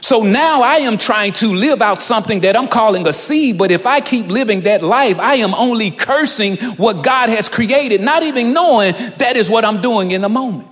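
A man's voice: high-pitched, animated, normal speed, hardly any pauses, fairly bright tone, long reverb tail. A man in his thirties preaching a sermon, telling a personal story and building to fervent emphasis. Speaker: pastor.

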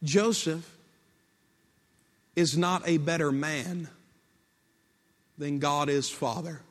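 A man's voice: on the high side, fairly even intonation, slow. A man preaching a sermon in a storytelling way, acting out quoted speech and building to impassioned peaks. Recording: long hall reverb.

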